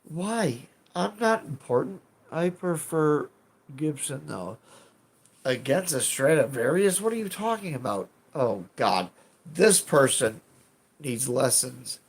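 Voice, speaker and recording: A man's voice: a little high, expressive, slow, husky. A man casually chatting with his live chat as a streamer, rambling, self-deprecating and swearing now and then.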